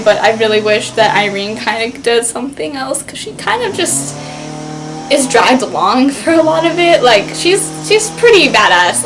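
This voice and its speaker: A woman giving a casual video book review in a chatty way, with lots of "like" and quick laughs. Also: fairly high pitch, a little hiss or hum, rough recording.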